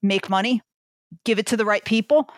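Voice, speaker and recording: A woman's voice: medium pitch, brisk, no echo. A woman author ranting bluntly in a candid podcast chat, swearing freely. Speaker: guest, fantasy author.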